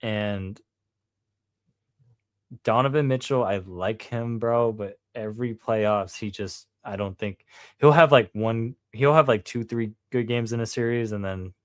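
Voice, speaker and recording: A man's voice: fairly low pitch, measured pace, no room sound. A man co-hosting a podcast, chatting casually about basketball, slangy and rambling, with lots of "bro" and swearing. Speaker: podcast co-host. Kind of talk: casual sports chat.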